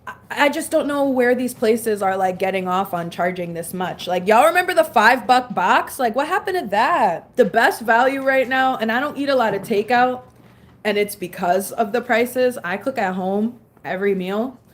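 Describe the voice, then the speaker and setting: Chatty woman streamer, slightly high voice. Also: expressive, moderate pace. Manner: chatty, reads and answers chat; scolds her dog between remarks. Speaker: livestreamer. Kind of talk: casual live-stream chat. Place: home.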